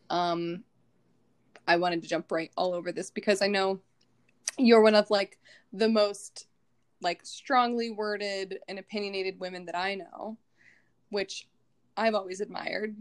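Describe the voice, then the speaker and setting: A woman's voice: medium pitch, smooth. A woman in her thirties from the American Midwest, co-hosting a casual podcast, chatty and full of fillers and laughs. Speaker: podcast co-host. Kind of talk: casual chat.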